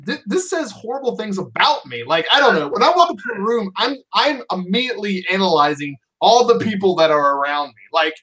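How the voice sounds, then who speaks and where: A man co-hosting a board game live stream, talking in loose, rambling group chat. He keeps restarting his sentences and pokes fun at himself. His pitch swings widely as he goes. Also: sharp tone. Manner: rambling, self-deprecating, many restarts.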